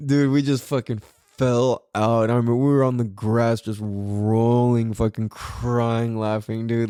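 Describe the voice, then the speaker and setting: A man's voice: mid-range voice, takes it slowly, dark tone, smooth, no room sound, clean studio sound. A man in his forties, hosting a podcast, telling a story in a casual, profane way and laughing often. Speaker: podcast host.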